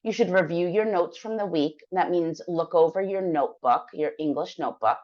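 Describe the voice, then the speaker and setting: A woman teaching English online, explaining a weekly practice plan step by step in a clear, encouraging way. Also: on the low side, normal speed, darkish tone. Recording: dull lo-fi sound.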